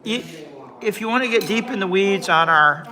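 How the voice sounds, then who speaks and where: A forties-aged man hosting a relaxed livestream reads comments aloud and wanders in his talk, often restarting and repeating himself. His high voice is bright and forceful at a normal speed, though the audio quality is poor.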